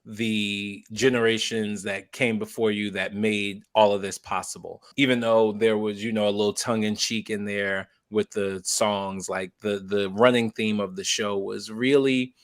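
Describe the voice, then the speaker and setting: Male podcast co-host, unhurried, drawn-out casual chatter. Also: lowish voice, level tone, dry recording. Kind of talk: casual chat.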